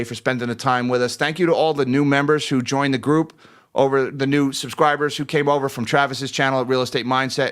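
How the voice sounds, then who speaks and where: A man's voice: mid-range voice, a bit bright. A man hosts a casual finance livestream, joking and laughing easily as he reads out market closes. He talks to viewers directly, thanking them by name in a loose, chatty way.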